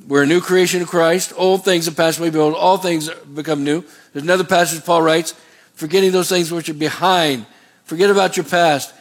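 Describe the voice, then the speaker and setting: A man preaching a sermon as pastor, emphatic, asking the congregation to answer back. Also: a little high. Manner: preaching with call-and-response questions; emphatic, rising on exhortations.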